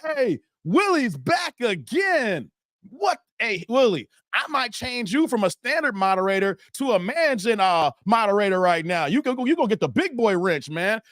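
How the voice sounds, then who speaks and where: A man's voice: high-pitched, big pitch swings, moderate pace, fairly bright tone, dry recording, clean studio sound. A man hosting a live stream, joking and laughing while reading chat aloud. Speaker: livestream host.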